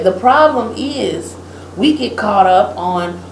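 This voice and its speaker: A woman's voice: medium pitch, expressive, takes it slowly, creaky. A woman co-hosting a casual political chat, telling a story and acting out what others said, laughing often. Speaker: podcast co-host. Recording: echoey room with faint ambient hiss.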